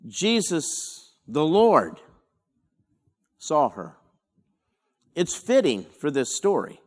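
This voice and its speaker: Pastor, man, slightly high voice, measured teaching delivery. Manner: unhurried, explanatory, with dramatic pauses. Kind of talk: verse-by-verse Bible study teaching.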